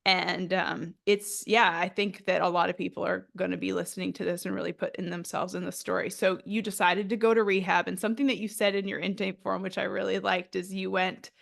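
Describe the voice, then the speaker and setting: A woman's voice: mid-range voice, level tone, a little fast, gravelly, hardly any pauses, fairly bright tone. A woman hosting a podcast interview, speaking bluntly and emotionally through tears, with the odd swear word. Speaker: podcast host. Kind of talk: candid interview chat.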